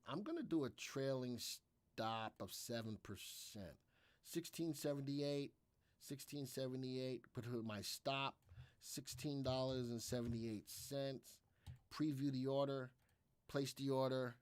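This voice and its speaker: A man hosts a live trading session with a somewhat high, energetic voice. He repeats his points and fields viewer questions as he narrates his trades. He is recorded dry and close to the mic. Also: measured pace, no room sound. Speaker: trading educator hosting a live trading room.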